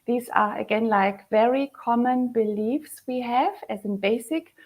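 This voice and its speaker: A woman co-hosting a live discussion, affirming her guest and calmly explaining with fillers. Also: a little high, measured pace.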